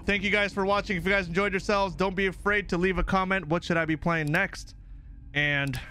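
A young man hosting a horror game playthrough, reacting excitably with shouts and laughs. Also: high-pitched, brisk, a little hiss or hum. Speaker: gaming video host.

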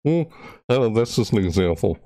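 Young guy streaming, low gravelly voice, rambles on nonstop into a close mic. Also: sing-song, a little fast, mellow, no echo. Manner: talkative, rambling, repeats himself. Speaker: live streamer. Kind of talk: casual rambling stream chat. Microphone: close desk microphone.

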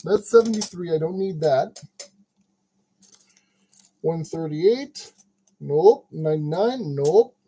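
A man's voice: on the high side, animated, takes it slowly, long pauses, warm tone, slight background noise, low-quality recording. A man hosting a crafting video, chatting casually and joking at his own expense while he sorts kit parts. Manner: chatty, self-deprecating, talks to himself while sorting parts. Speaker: crafting channel host. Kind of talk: casual narration while building a model kit.

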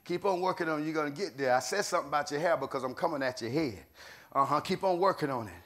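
A middle-aged man preaching a sermon, swinging between shouted declarations and low murmured asides. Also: quick pace.

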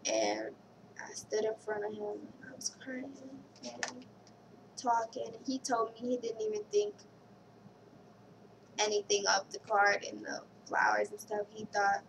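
Young woman, personal vlog storytelling, gravelly fry, set back from the mic. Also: fairly high pitch, little pitch movement, fairly bright tone, distant mic, a little hiss or hum, poor audio. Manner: candid, halting, reads a card aloud. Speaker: vlogger.

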